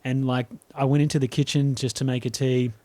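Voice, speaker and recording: A man's voice: medium pitch, little pitch movement, a little fast, a little mellow, dry recording. A man co-hosting a podcast, telling rambling anecdotes full of restarts and laughter. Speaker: podcast co-host. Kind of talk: casual storytelling chat.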